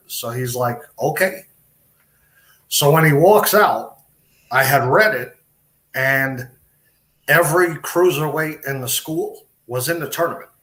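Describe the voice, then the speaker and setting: A man's voice: mid-range voice, a bit bright. A middle-aged man, a wrestler, telling rambling stories with quoted dialogue in a casual interview. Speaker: podcast guest, wrestler.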